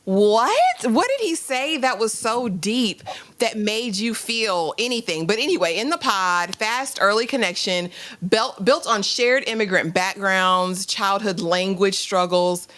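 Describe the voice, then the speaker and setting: A woman hosting a live review stream, talking casually to her viewers in an expressive, slangy way. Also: mid-range voice, a little slow. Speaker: host of a live reality show review stream.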